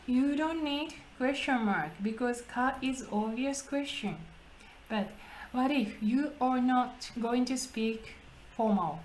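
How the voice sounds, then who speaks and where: A woman with a Japanese accent talks through grammar in English, step by step, and often puts questions to her listener. Her voice sits a little high, and a faint hiss runs underneath the recording. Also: slow pace, poor audio. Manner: explains step by step, asks rhetorical questions. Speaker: English practice host. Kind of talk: casual teaching chat.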